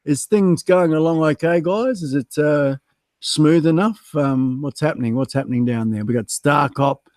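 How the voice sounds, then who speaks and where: Australian guy, slightly high voice, casual self-mocking livestream host, dry mic. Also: moderate pace, darkish tone, no room sound. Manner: chatty, self-mocking, reads chat aloud with many ums.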